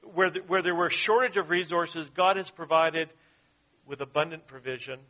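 A man's voice: fairly high pitch, moderate pace, bright, forceful tone, muffled recording. A man preaching a sermon in an earnest way, often repeating his key phrases. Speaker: pastor.

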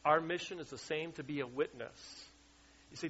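A man's voice: fairly high pitch, moderate pace, bright, forceful tone, husky. A man preaching a sermon as pastor, emphatic and asking the congregation questions. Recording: dull lo-fi sound.

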